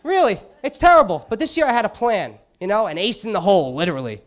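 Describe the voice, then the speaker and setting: Lively, high-voiced ranting stand-up comic. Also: male voice, fast talker, dull audio. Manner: exasperated ranting, crude and sarcastic. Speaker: stand-up comedian. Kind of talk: stand-up comedy set. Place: comedy club stage.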